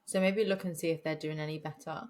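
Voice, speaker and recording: A young woman co-hosting a casual podcast chat, slangy and quick to laugh. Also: low-pitched, steady tone, darkish tone. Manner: chatty, slangy, laughs often. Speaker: podcast co-host.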